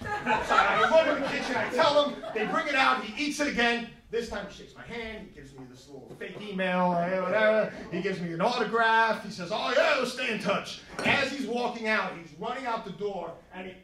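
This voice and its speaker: High-voiced comedian telling a club story. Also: male voice, crowd noise. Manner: animated, quick asides, acts out scenes. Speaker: stand-up comedian. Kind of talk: stand-up storytelling. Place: comedy club in New York. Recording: echoey room, mic far off. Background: audience laughter.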